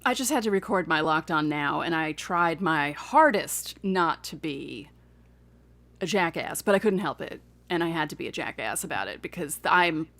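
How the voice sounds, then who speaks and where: A woman's voice: deep voice, lively intonation, moderate pace, a bit bright, dry recording. A woman guest on a sports podcast, talking emphatically and in exasperation. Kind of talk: casual sports podcast chat.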